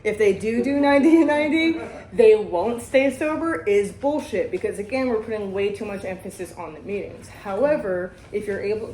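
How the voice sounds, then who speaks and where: A woman hosting a casual talk about recovery and sponsoring, blunt and profane, often tagging her points with "right?". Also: mid-range voice. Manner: blunt, heavy swearing, keeps asking "right?". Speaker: podcast host and sobriety sponsor. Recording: roomy echo.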